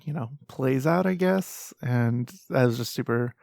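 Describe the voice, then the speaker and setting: A man's voice: mid-range voice, a little slow, creaky, a little mellow, no room sound, studio quality. A man co-hosting a podcast, talking in an easygoing, hesitant way with ums. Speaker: podcast co-host. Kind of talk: casual chat.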